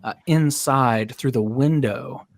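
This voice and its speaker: A man's voice: mid-range voice, takes it slowly. Laid-back man narrating as game master. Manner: relaxed, with fillers and laughs.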